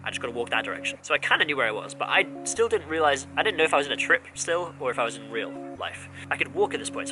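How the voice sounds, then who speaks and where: A man's voice: medium pitch, low-quality recording. A man in his twenties telling a rambling, candid story in a casual vlog. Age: 20s. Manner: rambling, candid, rant-prone. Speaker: vlogger.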